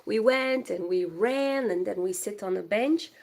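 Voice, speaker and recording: A woman's voice: medium pitch, unhurried, gravelly, darkish tone. A young woman with a cold, chatting casually with viewers of her crochet livestream from home. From Moldova. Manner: chatty, distracted, greets viewers. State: has a cold. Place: home indoors.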